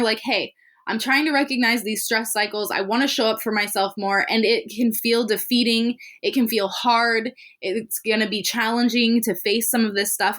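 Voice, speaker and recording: A woman's voice: fairly high pitch, a bit bright. A young adult woman hosting a self-care podcast, talking earnestly and candidly in an encouraging way. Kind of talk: reflective solo podcast talk.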